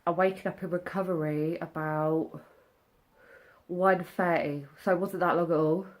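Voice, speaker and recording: A woman's voice: on the low side, steady tone, moderate pace. A young woman vlogging after nose surgery, stuffy-nosed and short of breath, chatting candidly with many fillers. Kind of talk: casual vlog recovery update.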